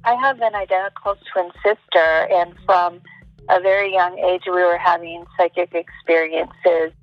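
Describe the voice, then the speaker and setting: A woman tells a personal story in a relaxed, thoughtful way. Her sound is dull and lo-fi, dry with no room around it, and faint music plays beneath her. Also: fairly low pitch, unhurried, no room sound. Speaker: podcast guest, psychic. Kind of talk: casual storytelling.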